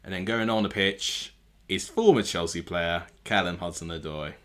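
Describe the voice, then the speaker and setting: A man's voice: low-pitched, moderate pace, fairly bright tone. A man streaming a live football watchalong from home, reacting to the match and often correcting himself aloud as he goes. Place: home room with TV.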